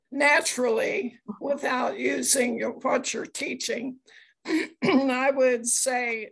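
Slow, gravelly high-voiced woman. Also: steady tone, a bit bright. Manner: hesitant, restarts her sentences. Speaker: workshop participant. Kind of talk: casual discussion. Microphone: video call.

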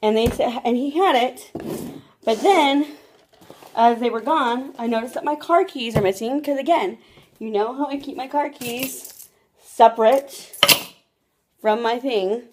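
A woman's voice: on the high side, measured pace, pauses often, noisy background. A young woman vlogging casually into her phone camera, telling a rambling story full of "like" and restarts. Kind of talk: casual chatty vlog.

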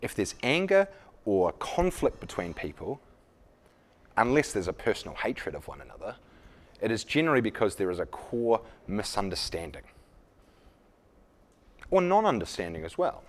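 Lower-pitched male workshop leader; conversational, self-deprecating, plays out examples. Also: huge pitch swings, moderate pace, pauses often. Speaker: leadership speaker. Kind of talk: live workshop talk.

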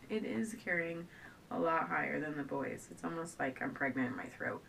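A young pregnant woman talks casually to her camera at home, drifting from thought to thought and often short of breath. She sits a little back from the mic, with a faint low rumble behind her voice. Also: animated, normal speed, gravelly, fairly bright tone, recorded from a distance, rough recording. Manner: rambling, chatty, trails off and restarts often. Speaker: stay-at-home mom vlogger. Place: at home indoors.

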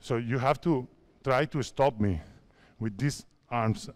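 A man in his fifties from Spain, a basketball coach speaking halting English with a Spanish accent as he directs players through drills at a clinic. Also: mid-range voice. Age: 50s. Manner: halting non-native English, repeats phrases, directs players.

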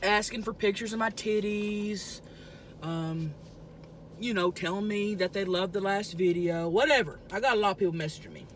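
Inside a car, a woman with a medium-pitched, natural voice speaks at a moderate pace over a slight hiss or hum. She improvises a comedy character, a brash, crude trailer-park mukbang vlogger who boasts while eating noisily.

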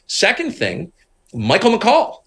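A middle-aged man from Washington, D.C., a guest telling stories in a candid conversation, moving between low asides and emphatic outbursts. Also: wildly swooping pitch, takes it slowly, fairly bright tone, slightly rough.

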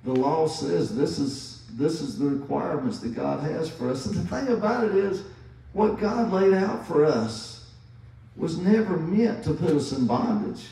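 A man in his fifties preaches slowly and deliberately, leaning hard on repeated phrases. His voice is mellow and dark. It rings through a very echoey church, picked up from some distance. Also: on the high side. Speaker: pastor. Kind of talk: sermon. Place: church sanctuary.

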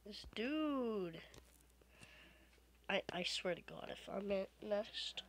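Slow, exasperated woman gamer with noisy audio. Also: medium pitch, lively intonation. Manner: frustrated, exclaiming, muttering under breath. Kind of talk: casual gameplay commentary.

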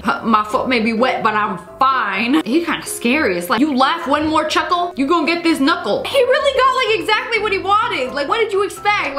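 A woman hosting a reaction video, excitable and playful, gasping and laughing as she comments. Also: sits high. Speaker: host. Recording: echoey room with background music.

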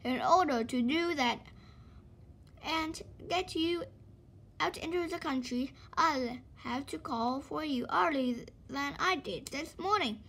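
Brief: a woman playing a bossy, hurried little man, high and loud, quick cheery bursts, storybook read-aloud. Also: gravelly, heavily acted. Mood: brisk. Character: brisk, bustling, impatient little man. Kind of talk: children's storybook reading.

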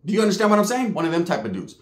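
Brief: high-pitched male comic storyteller, slangy and profane, recorded in an echoey room. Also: wildly swooping pitch, very fast. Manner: slangy, profane, punchy asides. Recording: roomy echo.

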